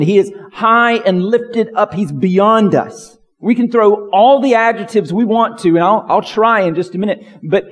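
Man preaching in a reverberant hall. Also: high-pitched. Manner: emphatic preaching, builds to fervent lists. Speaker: pastor. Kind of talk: sermon.

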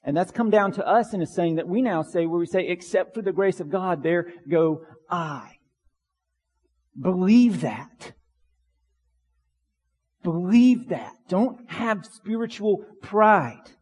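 Male pastor preaching, fairly high voice, echoing church hall. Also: normal speed, few pauses, husky. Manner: earnest preaching, repeats phrases for emphasis. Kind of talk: sermon.

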